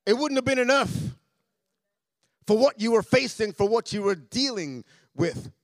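A man preaching a sermon as a pastor, repeating his phrases and swinging between soft and loud delivery. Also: sits high, animated, moderate pace, no echo, clean studio sound. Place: church sanctuary.

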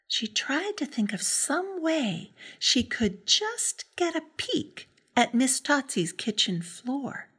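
A woman reading a children's storybook aloud in a soft, often whispery, expressive voice. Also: on the high side, slightly rough. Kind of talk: storybook read-aloud narration.

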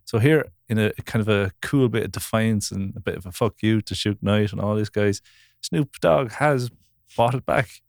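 Low-voiced podcast host. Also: male voice, normal speed, creaky, no echo, clean studio sound. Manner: laughs easily, rambling storytelling. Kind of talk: casual chat.

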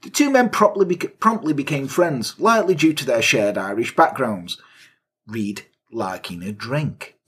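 A man co-hosting a comedy podcast, telling a historical crime story with crude, sarcastic asides. His voice is husky and moves a lot in pitch. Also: lively intonation, measured pace, a bit bright. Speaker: podcast co-host.

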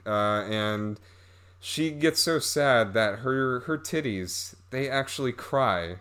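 A man rambles through a casual movie review at an unhurried pace. He is sarcastic and disbelieving, and his sentences break into fillers and restarts. His pitch sits in an ordinary middle range. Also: a bit bright. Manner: rambling, sarcastic, laughs often.

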